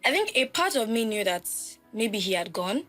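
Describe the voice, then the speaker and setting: A woman's voice: on the high side, moderate pace, faint music behind. A young woman hosting a podcast, telling a personal loss story reflectively and acting out the people she quotes. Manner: reflective, animated when quoting people. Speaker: podcast host.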